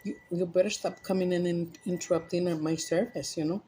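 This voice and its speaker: A woman's voice: on the low side, steady tone, brisk, mellow, a little hiss or hum, lightly acted. A woman voicing a stern, fed-up male village priest who scolds and gives orders. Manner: scolding, bossy.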